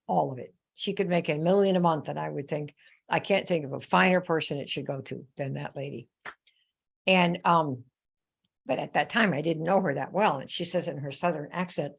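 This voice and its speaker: A woman hosting a live coaching session, telling a story in a chatty, animated way and turning to viewers with questions. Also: deep voice, moderate pace, creaky, husky. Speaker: host. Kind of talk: live online coaching talk.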